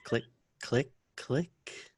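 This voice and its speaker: A man playing a syrupy, slow self-declared good boy. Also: dry recording. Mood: sugary earnest. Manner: calm, soothing, slow and earnest. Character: overly sweet man insisting he is a good boy. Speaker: comedian guest.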